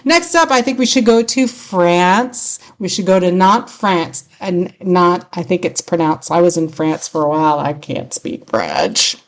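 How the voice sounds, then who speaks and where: A woman's voice: fairly low pitch, expressive, unhurried, hardly any pauses. A woman with a California accent hosting a rock radio show, chatty and self-deprecating, laughing often and tripping over her words. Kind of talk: casual rambling show hosting.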